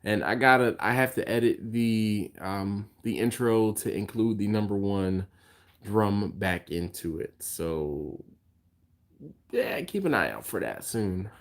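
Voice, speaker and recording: A fairly low-voiced man hosting a casual live stream, tired and yawning between thoughts. He rambles on in a loose, chatty way and stops to answer viewer comments. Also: expressive, takes it slowly. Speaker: barbecue channel host.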